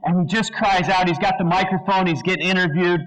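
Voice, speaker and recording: High-voiced preacher quizzing a congregation. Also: male voice, brisk, rough recording. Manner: animated storyteller, asks the audience questions; brief movie-line impressions. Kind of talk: sermon.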